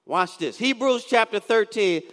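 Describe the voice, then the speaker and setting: Pastor, man, 50s, high and lively delivery, quizzes the congregation, church reverb. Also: a little slow. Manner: keeps asking the congregation questions. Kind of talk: sermon. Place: church sanctuary.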